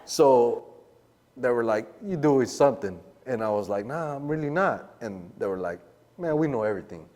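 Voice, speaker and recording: A man's voice: mid-range voice, expressive, moderate pace, darkish tone, big-room sound. A man guest telling a long story in casual street slang, acting out the voices of the people he quotes. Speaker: podcast guest.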